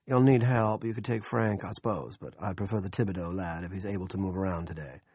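Man playing a smug scheming politician, slow drawl, low husky voice, condescending, audiobook. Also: a little mellow, no room sound, studio quality. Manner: slow, condescending and self-satisfied. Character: smug scheming middle-aged male town politician.

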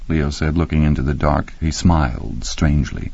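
A man reading an audiobook in a wry, expressive storytelling manner. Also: a bass voice, measured pace, vocal fry, few pauses, slightly rough, dry recording. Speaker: audiobook narrator. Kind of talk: scripted narration. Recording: dry, slightly muffled recording.

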